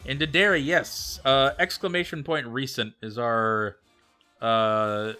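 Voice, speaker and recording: Bright, chatty male streamer. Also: mid-range voice, steady tone, slow pace, clear, resonant tone, soft background music. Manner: chatty, thinks aloud, reads out and answers chat. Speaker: live streamer. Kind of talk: casual chat with viewers while gaming.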